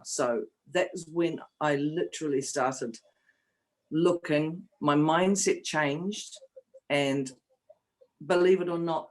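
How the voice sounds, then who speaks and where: A woman's voice: sits low, poor audio. Brief: fifties woman, interview guest, candid and confessional, emotional edge. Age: 50s. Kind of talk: personal storytelling in an interview.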